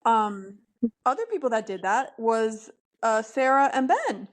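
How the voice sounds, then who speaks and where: A woman's voice: a little high, big pitch swings, unhurried. A woman co-hosting a casual podcast chat about reality TV, opinionated and emphatic, laughing often. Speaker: podcast co-host.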